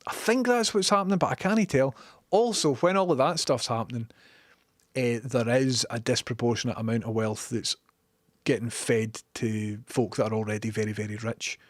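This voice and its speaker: A man's voice: mid-range voice, fairly even intonation, moderate pace, no echo, clean studio sound. Sweary Glaswegian man streaming live. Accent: Scottish, Glaswegian. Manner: sweary, opinionated, chatty. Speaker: livestreamer. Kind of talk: casual live-stream chat.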